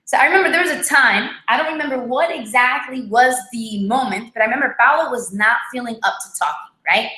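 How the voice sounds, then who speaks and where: Bright-voiced woman telling a lively story. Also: fairly high pitch, fairly quick, hardly any pauses. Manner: lively, repeats "check this out" and "right?". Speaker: co-host. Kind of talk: casual livestream chat and storytelling. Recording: echoey room.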